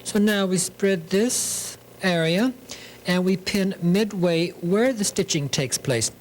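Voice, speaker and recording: A man's voice: high-pitched, takes it slowly, slight background noise, poor audio. Theatrical man demonstrating sewing. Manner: theatrical, camp, fond of 'lovely' and 'darlings'. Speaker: sewing show host.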